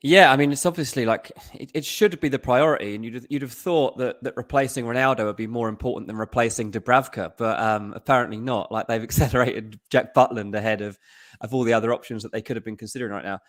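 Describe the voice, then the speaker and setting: A man talking football transfers as a podcast guest, chatty, with quick asides and many restarts. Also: mid-range voice. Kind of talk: casual podcast chat.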